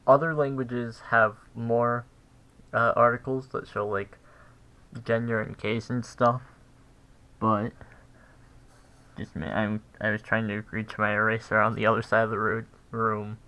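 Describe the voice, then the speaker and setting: A man giving a casual recorded language lesson, thinking aloud with pauses and restarts. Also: on the low side, little pitch movement, pushed and bright, low-quality recording. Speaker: language teacher.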